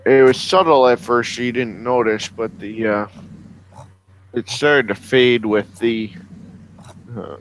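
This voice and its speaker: Slow-talking male game master. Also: medium pitch, fairly even intonation, rough recording. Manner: slow, hesitant, many fillers. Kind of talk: running a tabletop game.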